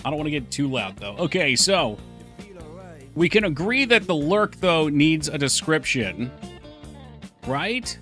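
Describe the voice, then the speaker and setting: A man's voice: on the high side, very animated, a little slow, long pauses, sharp tone. A man chatting casually on a live stream while working on his game, thinking aloud and answering chat. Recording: faint music behind voice.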